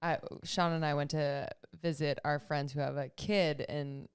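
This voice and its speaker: A woman's voice: low-pitched, steady tone, unhurried, clean tone. A woman, co-hosting a podcast in casual chat, laughing and tossing in short agreeing replies. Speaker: podcast co-host.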